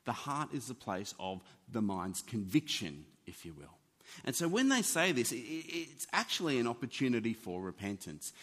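A man preaching a sermon in an animated, conversational teaching manner. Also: medium pitch, moderate pace. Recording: long hall reverb.

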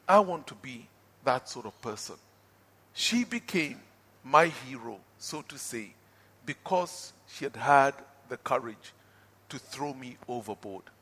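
A man preaching a sermon and telling his own testimony, swinging from loud outbursts to hushed pleading. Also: mid-range voice, expressive, unhurried, long reverb tail.

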